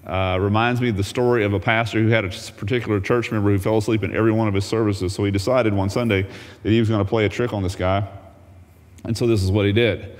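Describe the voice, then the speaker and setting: Folksy low-voiced male pastor. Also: steady tone, fast talker, in a large hall. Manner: folksy and humorous, reads scripture aloud. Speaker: pastor teaching a Bible class. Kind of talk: conversational Bible lesson.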